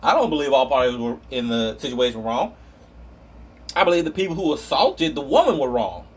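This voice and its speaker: A man's voice: mid-range voice, animated, a little fast, husky. A man vlogging about online comments, ranting angrily and profanely and stumbling over his words.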